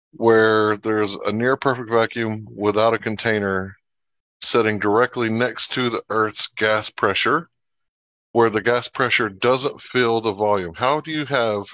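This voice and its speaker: A man's voice: lowish voice, fairly bright tone, no room sound. Insistent male live-stream host, dull lo-fi sound. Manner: pointed, insistent questioning. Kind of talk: debate-style questioning.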